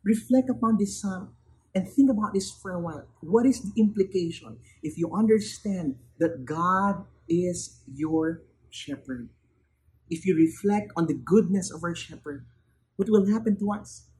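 A man preaching a sermon, building to emphatic raised peaks and then dropping low and quiet. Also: measured pace, slight background noise, low-quality recording.

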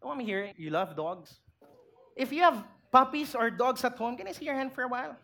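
A woman's voice: a little high, lively intonation, a little fast, creaky, fairly bright tone. A woman with a Filipino accent preaching a sermon, acting out little scenes and asking the congregation questions. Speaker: pastor.

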